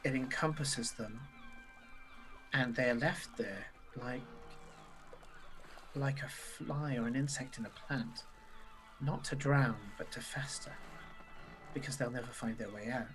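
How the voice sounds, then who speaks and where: A man narrating as game master of an online tabletop game, halting now and then with fillers and restarts. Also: mid-range voice, fairly bright tone, soft background music.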